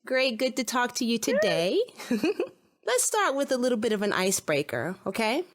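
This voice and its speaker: A woman hosting a podcast interview, upbeat and quick to laugh. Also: a little high, very animated. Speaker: podcast host. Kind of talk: casual interview chat.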